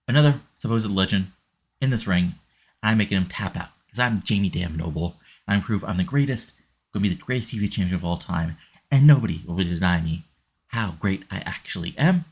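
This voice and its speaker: A man's voice: sits low, expressive, a little fast, husky, heavily acted. A man voicing an arrogant male champion wrestler boasting about himself. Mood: boastful. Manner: boastful, cocky.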